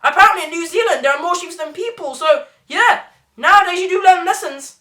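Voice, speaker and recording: A woman's voice: very high voice, a little fast, sharp tone. A woman hosting a casual reaction video, rambling and laughing often.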